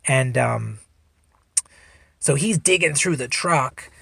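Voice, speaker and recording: Gravelly husky guy rambling through a story, swearing a lot, dry sound. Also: medium pitch, slow pace, no room sound. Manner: rambling, profane, animated. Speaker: podcast host, stand-up comedian. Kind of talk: casual storytelling.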